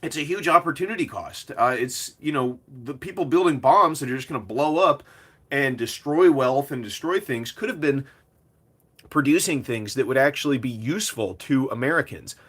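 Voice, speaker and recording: A man's voice: mid-range voice, animated, moderate pace, a bit bright, slightly rough. A man hosting a casual commentary video, talking in a loose, conversational way with frequent filler words. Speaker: host.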